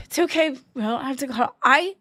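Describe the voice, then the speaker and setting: Woman, crying, very high voice, distraught, sighing, live-stream host. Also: unhurried, pushed and bright, no echo, studio quality. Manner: distraught, self-critical, sighing. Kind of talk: emotional live-stream talk.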